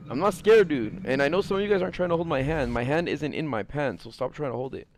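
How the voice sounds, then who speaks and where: Animated, joking young gamer guy. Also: on the high side, quick pace, a little hiss or hum. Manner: joking, profane, chatting with viewers. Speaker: gaming streamer. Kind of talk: casual let's-play commentary.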